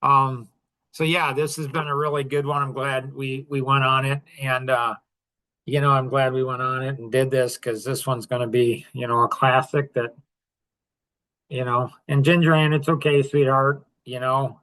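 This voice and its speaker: A man's voice: mid-range voice, flat delivery, moderate pace, fairly bright tone. A man in his fifties hosting a podcast, joking and rambling, then speaking tenderly to his grown children. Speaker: podcast host. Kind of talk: casual monologue.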